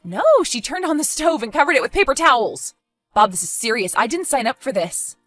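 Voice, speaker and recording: A frantic, anxious babysitter. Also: female voice, fairly high pitch, big pitch swings, fairly bright tone, no room sound, soft background music. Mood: exasperated. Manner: frantic, pleading, quick to raise her voice. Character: anxious young woman babysitting, easily alarmed. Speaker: stepmother-to-be left babysitting. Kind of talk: animated story voice acting.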